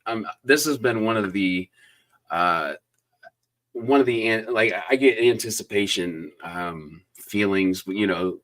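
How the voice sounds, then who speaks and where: Man, low voice, live book-channel host, enthusiastic, lots of fillers, shout-outs to viewers. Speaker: booktube interview host. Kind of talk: live-stream interview chat.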